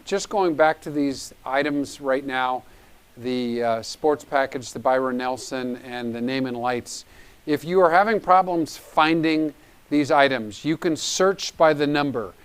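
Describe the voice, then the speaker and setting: A man's voice: medium pitch, unhurried, clean tone. A man hosting a live charity auction, upbeat and urging people to bid. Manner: upbeat, pushes for bids. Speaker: gala auction host.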